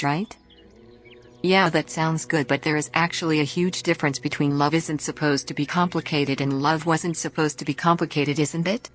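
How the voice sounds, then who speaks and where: Low female voice, scripted reflective monologue, rhetorical questions and wordplay, faint music bed. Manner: rhetorical, asks and answers own questions; playful alliterative wordplay. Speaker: podcast host. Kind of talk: scripted spoken essay.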